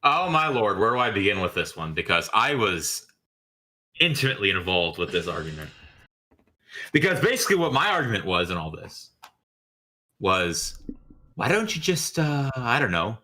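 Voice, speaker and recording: A man's voice: on the low side, big pitch swings, normal speed, pauses often, pushed and bright. A man co-hosting a casual commentary podcast, rambling and exasperated, often stammering and restarting his sentences. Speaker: podcast co-host.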